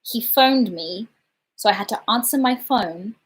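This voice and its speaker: A woman's voice: fairly high pitch, expressive, measured pace, husky. Woman, casual livestream storytelling, rambling, self-deprecating. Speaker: livestream host.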